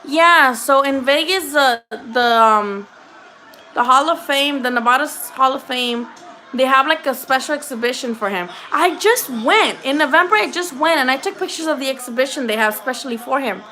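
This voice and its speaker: High, bright-voiced woman bantering bluntly. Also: animated, normal speed. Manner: blunt, profane and joking, talks back to chat. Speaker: host of a boxing livestream. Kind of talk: casual livestream chat.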